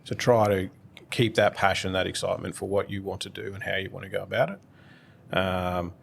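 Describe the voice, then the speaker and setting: A man, a guest accountant speaking in a measured, reflective way as he gives advice in casual conversation. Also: deep voice, level tone, gravelly.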